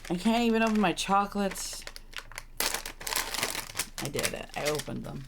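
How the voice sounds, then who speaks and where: A woman's voice: medium pitch, animated, moderate pace, gravelly, noisy background. A young woman streaming a visual novel, reading lines and reacting with sarcastic, exasperated, sweary commentary. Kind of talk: casual let's-play commentary.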